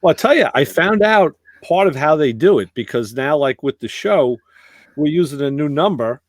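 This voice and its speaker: A man's voice: on the high side, normal speed, no echo. Man, podcast host, casual storytelling, dry close mic. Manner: animated, acts out dialogue in voices.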